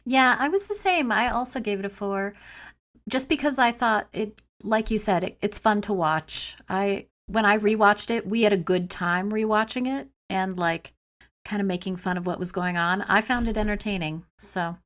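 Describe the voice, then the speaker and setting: A woman's voice: medium pitch, normal speed, fairly bright tone. A woman chatting casually on a podcast in an easygoing, agreeable way. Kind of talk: casual chat.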